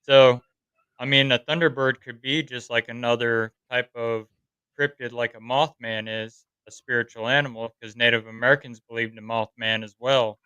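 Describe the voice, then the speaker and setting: An easygoing man chats on a podcast, softening his points with fillers. His voice is bright and smooth. The mic is close and dry. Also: medium pitch, fairly even intonation, moderate pace, dry recording. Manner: easygoing, hedging with fillers like "I mean". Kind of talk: casual chat.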